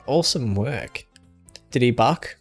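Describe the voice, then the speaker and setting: A young man streaming a game and chatting casually with viewers in a relaxed, easygoing way. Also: medium pitch, measured pace, faint music behind. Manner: relaxed, chatty, answers chat with small laughs. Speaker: gaming streamer.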